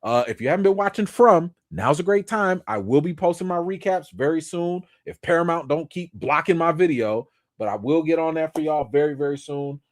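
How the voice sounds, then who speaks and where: A man hosting a casual livestream, talking in laid-back slang, bursting with excitement at times, and thanking his supporters again and again. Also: on the high side, a little fast, few pauses. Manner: effusive, thanks donors over and over. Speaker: livestream host.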